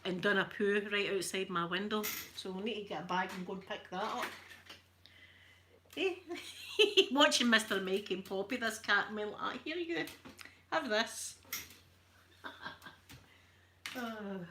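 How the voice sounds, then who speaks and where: A woman's voice: mid-range voice, a little slow, long pauses, background noise. A middle-aged Scottish woman chatting casually while ironing, rambling from one story to the next. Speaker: ASMR creator.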